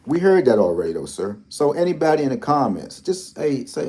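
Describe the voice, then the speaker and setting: A man's voice: mid-range voice, sing-song, a little fast, warm tone. A man hosting a lottery channel, talking in a rambling, repetitive, teasing way with speech. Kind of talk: casual commentary.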